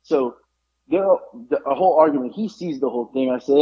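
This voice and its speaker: On a muffled recording, a fast-talking man with a husky, medium-pitched voice co-hosts a podcast. His anecdote, told in casual chat, is animated, and he performs the different people in it.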